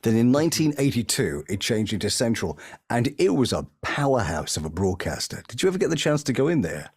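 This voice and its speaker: A man, a voice actor, telling lively anecdotes in an interview and slipping into impressions as he talks. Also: medium pitch, a little fast, slightly rough, no room sound, studio quality. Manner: animated, breaks into impressions mid-story. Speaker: voice actor guest. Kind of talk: anecdotal storytelling.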